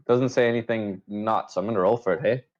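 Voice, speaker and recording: Low-voiced man running a tabletop game. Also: fast talker, lo-fi sound. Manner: casual, checks rules aloud. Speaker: dungeon master.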